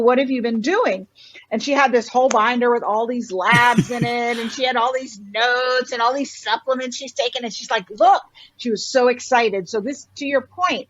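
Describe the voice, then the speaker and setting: A middle-aged woman, a doctor guest on a podcast, telling stories in a passionate, animated way. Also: on the high side, dull audio. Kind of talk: casual interview talk.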